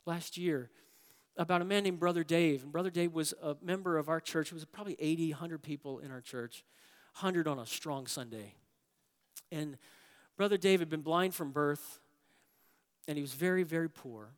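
Pastor preaching in a reverberant hall. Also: male voice, on the high side, moderate pace. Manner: storytelling, swings from hushed to emphatic. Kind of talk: sermon.

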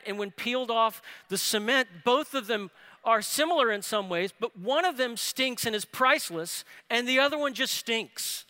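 A man preaching a sermon, telling a family story with rising excitement. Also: high voice. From New Orleans area. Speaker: pastor. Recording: reverberant hall.

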